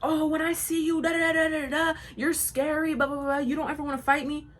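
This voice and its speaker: Woman mimicking a teenage girl, whiny, tearful, high, pleading, denying. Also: flat delivery, quick pace, lightly acted. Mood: mocking. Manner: high, pleading, whining denial.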